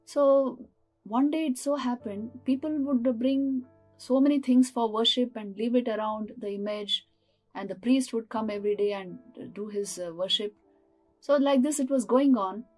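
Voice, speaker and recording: A woman's voice: fairly high pitch, normal speed, darkish tone, soft background music. A woman, a monastic teacher giving an earnest spiritual talk that mixes rhetorical questions with storytelling. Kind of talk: sermon.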